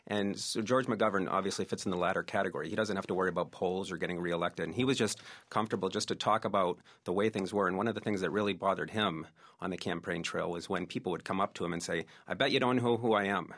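A man's voice: sits low, fairly even intonation, quick pace, a bit bright. A man, a researcher and oral historian, eagerly telling anecdotes as an interview guest.

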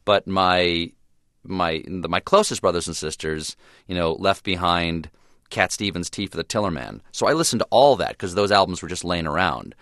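Deep-voiced man musing in an interview. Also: expressive, moderate pace, fairly bright tone, no room sound, studio quality. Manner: reflective, rambling with restarts. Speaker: guest. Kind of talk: casual interview chat.

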